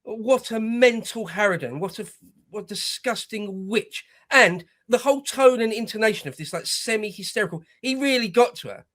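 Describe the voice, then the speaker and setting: A man's voice: sits high, normal speed, a bit bright. A man co-hosting reaction commentary, talking bluntly and scornfully with lots of swearing. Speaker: co-host.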